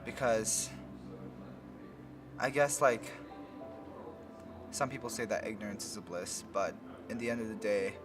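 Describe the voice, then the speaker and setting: Low-voiced man, distant, music underneath. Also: measured pace, pauses often. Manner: thoughtful, hesitant with fillers. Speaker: interviewee. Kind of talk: reflective interview answer. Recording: distant mic with music behind.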